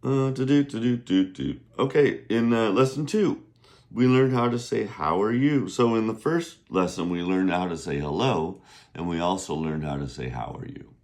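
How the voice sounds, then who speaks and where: A man's voice: low voice, normal speed, darkish tone. A middle-aged man teaching a casual video lesson on Chinese, chatty and rambling, often checking in with "right?".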